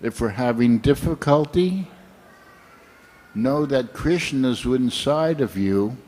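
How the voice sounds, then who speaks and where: Older man giving a slow sermon. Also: medium pitch, expressive, darkish tone. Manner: slow, reflective storytelling. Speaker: speaker at a temple program.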